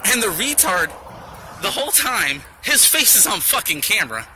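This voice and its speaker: A young man telling a story from work in a rambling, profane, animated way, outdoors at night. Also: sits high, normal speed, slight background noise. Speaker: vlogger. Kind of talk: casual storytelling.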